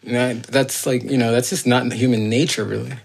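A man's voice: medium pitch, steady tone, a little fast, vocal fry, husky. A man telling his own strange encounter as a podcast guest, in a loose, rambling way full of fillers, restarts and earnest asides. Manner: earnest, insistent. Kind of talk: casual spoken storytelling.

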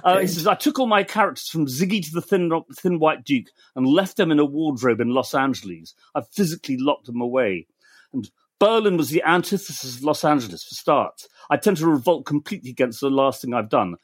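A man co-hosting a casual podcast, lively and reading quotes aloud with playful voices. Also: on the high side, a little fast, breathy edge, no echo. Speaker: podcast co-host.

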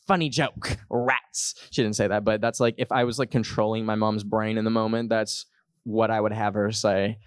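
A young man hosting a podcast, telling a comic story to a live audience in an animated, jokey way. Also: brisk, smooth, no room sound, clean studio sound. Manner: animated, jokey, puts on high voices for quotes. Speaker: podcast host.

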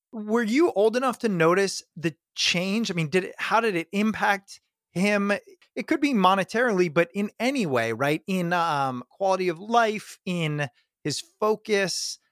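A man hosting an interview, asking thoughtful, curious questions with pauses. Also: sits high, a bit bright, no room sound, clean studio sound. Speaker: interview host.

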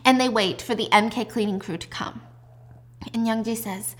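A woman casually recapping a drama plot in a chatty, animated way with side remarks. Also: fairly high pitch, moderate pace. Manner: chatty, animated retelling with asides.

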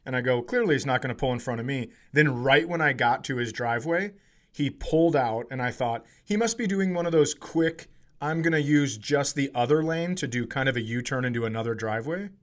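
A man in his forties, a comedian telling a story in casual chat, swearing and getting animated as he acts out a heated argument. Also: mid-range voice, fairly quick. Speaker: comedian podcast co-host.

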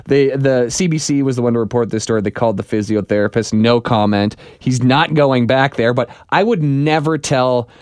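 A man's voice: mid-range voice, normal speed, hardly any pauses, darkish tone, clean tone, dry recording, studio quality. A man co-hosting a talk show, telling a story in a wry, chatty way. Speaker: radio co-host. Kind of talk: casual chat.

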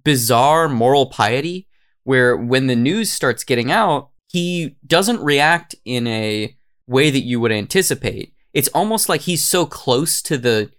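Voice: medium pitch, lively intonation, measured pace, fairly bright tone, clean tone. A podcast co-host casually recapping a documentary, swearing often. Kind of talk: casual comedic chat.

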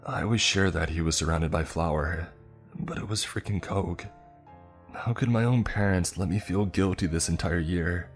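Very deep-voiced man narrating horror. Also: normal speed, few pauses, soft background music. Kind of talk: scripted horror story narration.

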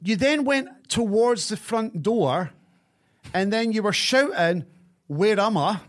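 A Scottish man hosts a podcast, teasing his co-host and pushing to start his rant. His voice sits high and swings widely as he talks. He breaks into high laughter often. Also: expressive, slow pace. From Scotland. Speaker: podcast host, former radio presenter. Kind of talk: casual chat, planned rant.

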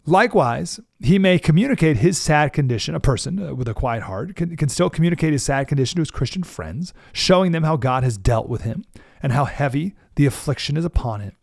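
Earnest higher-voiced man, dry close mic. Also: animated, fairly quick, creaky, darkish tone, no room sound. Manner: earnest, emphatic, repeats words when stressing a point. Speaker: podcast host. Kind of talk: devotional talk.

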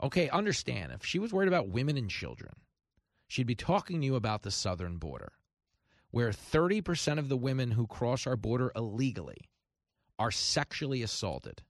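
Hosting a talk radio show, a man delivers a sarcastic, opinionated monologue packed with asides and acted-out quotes. His medium-pitched voice is very animated and a little fast, recorded in a radio studio with studio quality and no echo.

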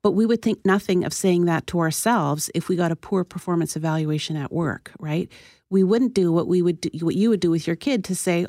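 Calm woman therapist, low voice. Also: dry recording, studio quality. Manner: calm explanatory, measured advice-giving. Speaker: therapist guest. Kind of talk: radio talk show interview.

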